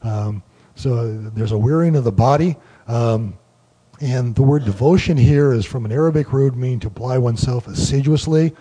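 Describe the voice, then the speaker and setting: A man giving a relaxed Bible study lecture, explaining word meanings and thinking aloud with many fillers. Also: medium pitch, moderate pace, slightly rough. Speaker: Bible teacher.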